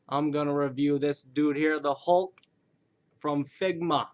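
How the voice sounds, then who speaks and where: A man's voice: on the high side, fairly even intonation, a little slow, slight background noise. A man rambling casually through a webcam video reviewing toys, self-deprecating and slipping into joke voices. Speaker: action figure collector reviewing toys. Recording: dull lo-fi recording.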